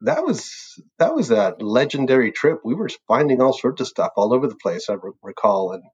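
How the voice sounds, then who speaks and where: A man's voice: mid-range voice, very animated, moderate pace, a little mellow, breathy edge. A man, a birding tour leader, chatting casually and rambling through an old trip story, laughing often between phrases. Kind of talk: casual reminiscing chat. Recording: dull lo-fi sound.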